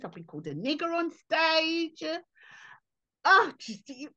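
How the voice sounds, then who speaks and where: Animated woman comedian. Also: very high-pitched, unhurried, muffled recording. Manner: animated, acts out people's voices. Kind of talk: interview answers.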